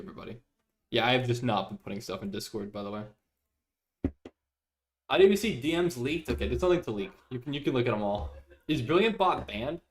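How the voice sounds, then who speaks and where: A young man streaming live, chatting casually with viewers, reading their messages aloud and laughing often. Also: medium pitch.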